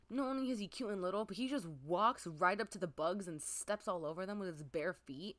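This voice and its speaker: A woman streamer chatting casually as she plays a game, gushing and excitable, with a mid-pitched voice. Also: moderate pace. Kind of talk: casual gameplay commentary.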